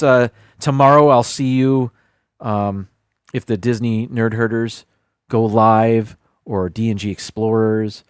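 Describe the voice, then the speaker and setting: A man's voice: mid-range voice, dry recording, studio quality. Rambling male live-stream host. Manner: rambling, repeats words while thinking. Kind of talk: casual live-stream chat.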